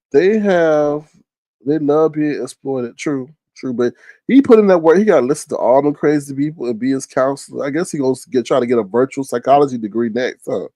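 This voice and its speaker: A man hosts a casual live stream, reading viewers' messages aloud and answering them by name. His talk is loose, slangy and blunt, at a middling pitch. The sound is dry and close, with no room around it. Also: normal speed, dark tone, no echo.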